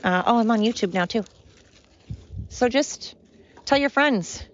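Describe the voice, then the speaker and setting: A woman's voice: on the high side, measured pace, lo-fi sound. A woman hosting her own podcast, rambling earnestly and repeating herself. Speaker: podcast host. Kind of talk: casual solo podcast rambling.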